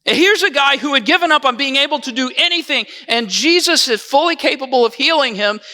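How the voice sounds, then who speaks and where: High bright guy acting out a bible story from the pulpit, echoey church hall. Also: fairly quick. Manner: dramatic storytelling, swinging between lively and hushed. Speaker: pastor. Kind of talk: dramatized first-person sermon monologue. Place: church sanctuary.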